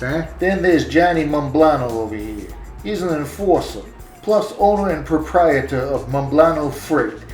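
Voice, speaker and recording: A man voicing a gruff German Shepherd mob father who narrates in a deadpan, wisecracking hard-boiled style for a cartoon. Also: fairly high pitch, close to an everyday voice. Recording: roomy echo, faint music.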